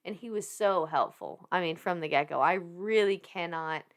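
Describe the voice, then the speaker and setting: A woman in her thirties with a Southern US accent, a podcast guest telling her story in animated casual talk, laughing often and swearing freely. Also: fairly low pitch, normal speed.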